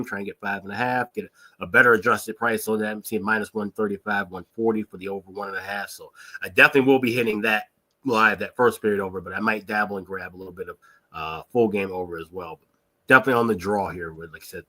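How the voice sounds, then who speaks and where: A man's voice: fairly low pitch, steady tone, quick pace, bright, forceful tone. A man talking through betting odds and agreeing eagerly with his co-host. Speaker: betting analyst. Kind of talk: sports betting analysis.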